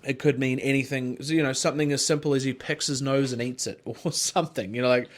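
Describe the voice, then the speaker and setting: A man talking loosely on a podcast, mid-pitched and rambling. He swears freely and leans on "like" and "you know" while he chats. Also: steady tone, a little fast. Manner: rambling, swears freely, frequent filler words. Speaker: podcast co-host. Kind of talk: casual chat.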